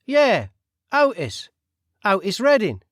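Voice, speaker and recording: A man voicing a nosy, brash Cockney man with loud, blunt, slangy talk, in an audiobook. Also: high voice, wildly swooping pitch, takes it slowly, no echo, clean studio sound, voice pushed up, full character voice.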